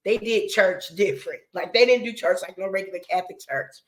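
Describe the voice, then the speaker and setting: A woman hosting a casual live reaction show, animated and often breaking into laughter as she talks to viewers. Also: medium pitch, brisk, poor audio. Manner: talks straight to her viewers and co-hosts by name. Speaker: live commentary host.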